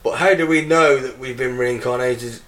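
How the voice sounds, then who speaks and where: A man's voice: medium pitch, moderate pace, a bit bright, distant mic. A man chatting on a podcast with friends, dropping dry, wry remarks. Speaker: podcast co-host. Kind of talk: casual chat.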